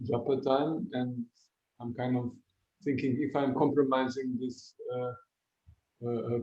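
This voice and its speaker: Hesitant man from Croatia, slow and gravelly, mellow tone, dull roomy call audio. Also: mid-range voice. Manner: halting, many fillers. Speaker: volunteer asking a question. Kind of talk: hesitant question on a video call. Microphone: video call. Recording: muffled echoey video call audio.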